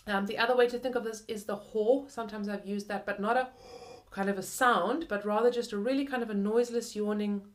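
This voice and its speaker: A woman's voice: mid-range voice, steady tone, brisk. A young adult woman teaching flute in a friendly, chatty way, often using "like" and "kind of". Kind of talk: video lesson.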